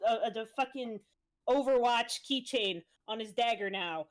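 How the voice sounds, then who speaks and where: A woman's voice: on the high side, moderate pace. A woman streamer casually recapping a tabletop game session, swearing freely as she tells it. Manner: profane, breezy storytelling.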